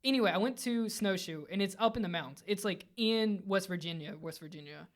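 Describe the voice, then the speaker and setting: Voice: mid-range voice, a little fast. A podcast co-host telling a long, rambling story in casual chat, often stopping and restarting mid-sentence.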